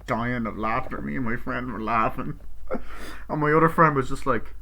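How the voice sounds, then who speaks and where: Male vlogger, casual film reviewer, bright sharp tone, rambling and swears a lot. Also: mid-range voice, normal speed, vocal fry, poor audio. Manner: rambling, profane, excitable. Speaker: movie reviewer.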